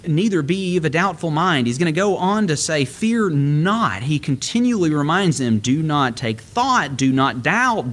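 A middle-aged man preaching a sermon, explaining scripture earnestly and lifting his voice when he quotes it. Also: medium pitch.

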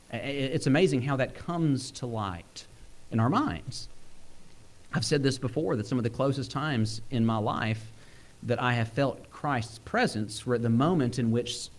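A young male preacher gives a sermon while a bit sick and using cough drops. His delivery swings in pitch and pace, and he chuckles often.

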